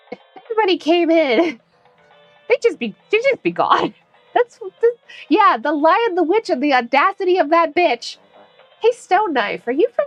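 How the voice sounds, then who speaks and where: A young woman livestreaming in a bright, high, put-on stream voice, swinging widely up and down as she chats and giggles with viewers. Her sound is close and dry, with faint music playing behind her. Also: dry recording, dull audio. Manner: bubbly, giggly, chatty with viewers. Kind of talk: casual live-stream chat.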